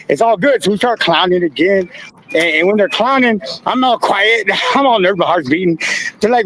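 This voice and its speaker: A man's voice: sits high, sing-song, fairly quick, a crowd in the background, rough recording. A man in his fifties casually telling stories from his past, using laid-back street slang and laughing now and then. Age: 50s. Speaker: guest. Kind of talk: casual storytelling.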